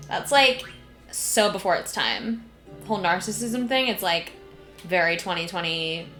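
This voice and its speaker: A young woman streaming a video game, chatting casually and emotionally with lots of fillers and soft laughs. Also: on the low side. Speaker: gaming streamer. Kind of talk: casual let's-play commentary. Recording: echoey room, game music behind.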